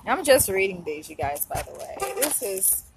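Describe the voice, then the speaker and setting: A woman's voice: lowish voice, sing-song, moderate pace, vocal fry, slight background noise. A young woman vlogger, teary after crying, talking casually and gushing emotionally. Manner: emotional, softly gushing, says "y'all" often. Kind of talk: casual vlog chat.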